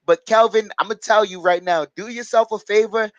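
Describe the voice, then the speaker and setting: A man's voice: high voice, fairly even intonation, fairly quick, dry recording, dull audio. A man hosting a live basketball watch-along, casually reading out viewer comments and answering them with plenty of fillers. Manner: casual, reads out viewer chat comments and replies; chatty, hesitant with frequent fillers. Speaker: watch-along stream host.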